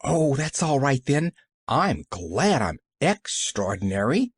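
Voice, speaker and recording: A man's voice: medium pitch, big pitch swings, slow, slightly rough, no echo, heavily acted. A man voicing an eager, cheerful little girl who rambles breathlessly.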